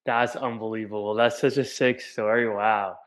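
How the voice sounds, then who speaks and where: A man's voice: on the low side, fairly even intonation, normal speed. A man hosting a casual interview, reacting with enthusiasm and loose filler words. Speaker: podcast host.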